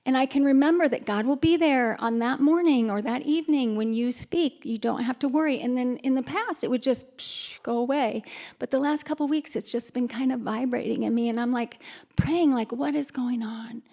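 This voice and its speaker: Woman speaker at a retreat, fairly high voice with some vocal fry, tells personal stories candidly and laughs at herself. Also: moderate pace, warm tone. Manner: candid, self-mocking storyteller with frequent laughs and fillers. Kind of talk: personal talk to an audience. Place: retreat conference hall.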